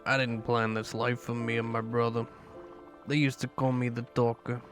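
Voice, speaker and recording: A man doing a gruff weary older brother, subdued, medium pitch, faint game music. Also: flat delivery, normal speed, natural voice. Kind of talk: reading game dialogue aloud.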